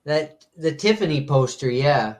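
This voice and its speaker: A man guesting on a livestream, chatting casually in a halting way. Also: fairly high pitch, lively intonation. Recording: roomy, away from the mic.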